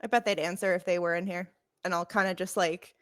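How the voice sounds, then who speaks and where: A woman's voice: fairly low pitch, fairly even intonation, fairly quick, fairly bright tone. A woman playing a tabletop game, blunt and offhand, swearing casually as she describes her moves. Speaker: player. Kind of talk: tabletop role-play chat.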